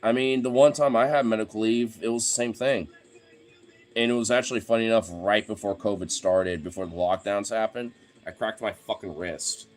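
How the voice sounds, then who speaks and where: A man's voice: lowish voice, normal speed, soft background music. A man talking in a casual, rambling monologue, swearing often and getting heated, with lots of "you know" fillers. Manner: profane, heated ranting with frequent fillers.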